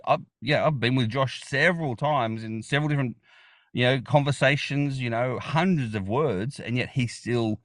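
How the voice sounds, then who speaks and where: A man's voice: mid-range voice, no echo, studio quality. A man with an Australian accent, a guest chatting casually in an interview, rambling, repeating words and laughing often. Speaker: podcast guest.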